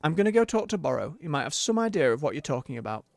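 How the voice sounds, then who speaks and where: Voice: medium pitch, very animated, racing, creaky, a little mellow, soft background music. A streamer reading the lines of a patient, matter-of-fact tea-shop keeper in a near-natural voice.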